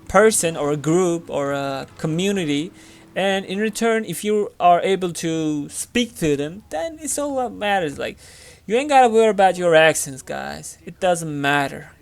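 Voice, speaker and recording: A man with a Turkish accent talks casually over his gameplay in a slightly high voice. He rambles, leaning on fillers. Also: vocal fry. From Turkey. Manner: rambling, filler-heavy, chatty. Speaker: gaming channel host.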